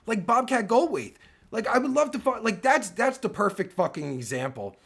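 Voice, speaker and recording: A man ranting angrily and profanely on his livestream, heated and full of fillers, with a raspy voice. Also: sits high, sing-song, normal speed, fairly bright tone. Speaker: streamer and podcaster. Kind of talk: angry livestream rant.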